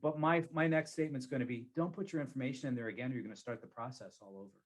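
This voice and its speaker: A man's voice: medium pitch, rapid-fire. A man who works as a real estate agent, giving advice in a conversational interview and repeating key phrases for emphasis.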